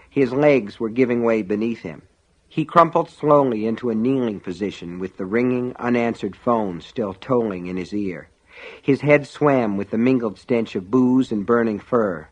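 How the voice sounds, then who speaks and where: Male audiobook narrator, muffled lo-fi sound. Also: mid-range voice. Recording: dull lo-fi audio.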